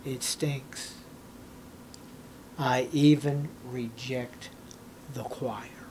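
A man voicing God in a sermon as a stern, disgusted, ancient male deity, speaking slowly and gravely. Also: fairly even intonation, a little hiss or hum. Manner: slow, low, hushed and grave.

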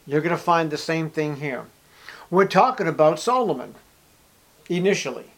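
A man preaches in a somewhat high voice. He slips into short bits of dialogue between characters and leans on repeated phrases for emphasis. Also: animated, normal speed, a bit bright. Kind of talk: sermon.

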